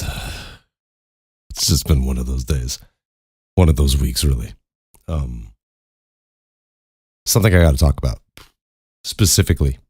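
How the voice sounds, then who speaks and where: A man's voice: very deep voice, darkish tone, husky, dry recording, studio quality. An American man hosting a podcast, telling stories in a rambling, profane way and laughing often. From United States. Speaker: podcast host. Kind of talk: casual storytelling monologue.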